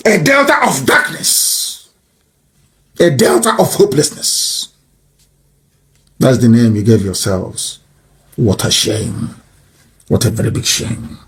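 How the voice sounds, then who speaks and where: A man delivering an impassioned, mocking political tirade that rises to shouts. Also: a little high, gravelly. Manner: mocking, scornful, rising to shouts.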